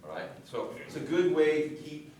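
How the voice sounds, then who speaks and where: A man coaching a chorus through warm-ups, giving brisk commands and demonstrating sounds by singing them. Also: a little high, very animated. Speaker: vocal coach. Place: rehearsal room with a chorus. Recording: echoey room from far off, noisy.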